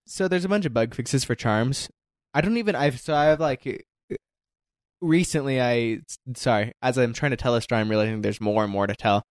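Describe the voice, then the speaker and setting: A man's voice: mid-range voice, fairly quick, no echo, studio quality. A man co-hosting a casual gaming podcast, playful and jokey, easily sidetracked by his own ideas. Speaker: podcast co-host.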